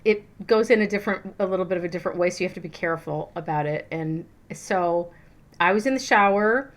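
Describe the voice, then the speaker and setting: A middle-aged woman, a spiritual teacher and coach, talking casually to her viewers, chatty and animated, with plenty of fillers and restarts. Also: fairly low pitch, brisk. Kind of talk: casual teaching talk to camera.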